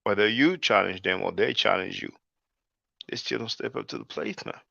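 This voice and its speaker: A channel host's low, gravelly voice comes across bright and forceful at a moderate pace. In a casual monologue he speaks loosely to his brothers and sisters, often saying "man," and the recording is dry, dull and lo-fi.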